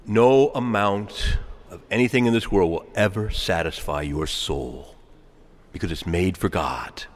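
A man preaching a sermon to his congregation, swinging from hushed lines to loud calls and asking them to respond. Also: deep voice, unhurried. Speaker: pastor. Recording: reverberant hall.

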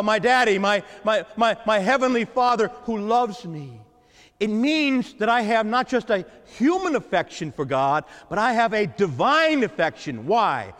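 A male pastor preaching a sermon, with dramatic pauses and emphatic repetition. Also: high voice, fairly bright tone, big-room sound. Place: church.

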